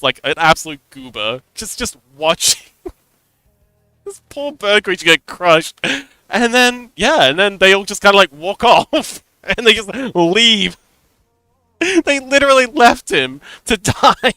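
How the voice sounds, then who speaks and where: Male streamer, game master, casual and animated storyteller, slightly high voice, bright tone. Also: clean tone, no echo. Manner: animated storytelling, laughs often. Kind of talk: casual livestream chat.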